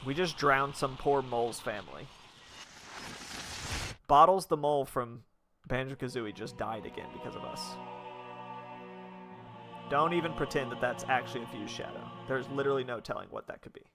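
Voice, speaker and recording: A man's voice: medium pitch, normal speed, pauses often, music in the background. A man giving joking, chatty commentary while playing a video game. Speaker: let's play gamer. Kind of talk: casual gameplay commentary.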